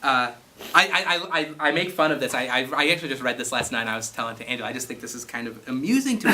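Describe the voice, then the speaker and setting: A man's voice: mid-range voice, lively intonation, very fast, bright, forceful tone, a little hiss or hum. A man preaching a casual sermon, reading scripture and joking before building to passionate emphasis. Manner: jokey asides, rising to passionate emphasis. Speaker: pastor.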